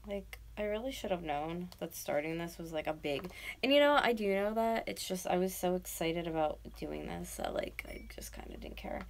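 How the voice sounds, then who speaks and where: A woman's voice: lowish voice, expressive, normal speed, creaky, few pauses. A woman in her twenties chatting casually to viewers while she sculpts, rambling and dropping into whispers as she works. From North America. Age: 20s. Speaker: YouTuber.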